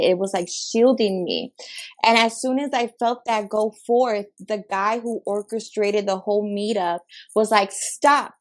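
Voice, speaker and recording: A young adult woman appears as a podcast guest, earnestly and animatedly retelling an emotional personal story with many filler words. Her voice is medium in pitch with a darkish tone.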